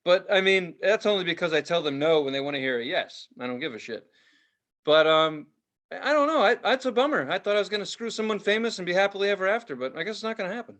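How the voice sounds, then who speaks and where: Dude with a pretty high voice, swoops all over the place, swearing up a storm in a casual podcast chat. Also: male voice, fast talker. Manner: animated, profane ranting. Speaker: podcast co-host.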